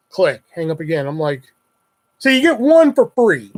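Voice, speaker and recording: Young guy, kinda high voice, swearing a lot, ranting about pizza job customers. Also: expressive. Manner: profane, rambling, acts out customers in quick voices. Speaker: pizza shop worker telling stories. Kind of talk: casual profane storytelling.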